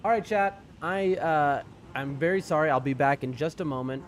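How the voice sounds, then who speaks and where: A man's voice: fairly high pitch, moderate pace, slight background noise. A young man streaming a video game, joking casually and talking to his chat. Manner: joking, chatty, addresses chat. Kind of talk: casual live-stream commentary.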